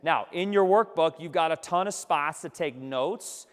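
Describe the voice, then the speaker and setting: A man's voice: on the high side, a little slow, in a large hall. A man teaching a live business workshop, coaching energetically and checking in with "okay?" after nearly every sentence. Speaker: workshop instructor. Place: seminar room with remote attendees.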